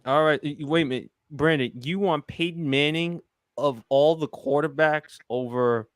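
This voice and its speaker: A man's voice: a little high, normal speed, no echo, clean studio sound. A man hosting a casual sports podcast, steering the talk with repeated questions and laughing easily. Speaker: podcast host.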